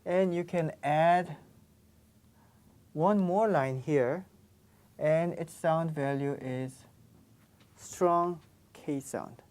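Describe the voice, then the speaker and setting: A woman's voice: low voice, drawn-out words, long pauses, darkish tone. A woman teaching pronunciation in a classroom lesson, patiently repeating each sound. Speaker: Korean language teacher.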